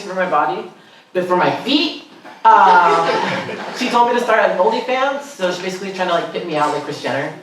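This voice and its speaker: A college senior in his twenties starting a stand-up set, giggly and hesitant. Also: sits high. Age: 20s. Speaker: stand-up comedian. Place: large echoey room, heard from far off. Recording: distant echoey room, noisy.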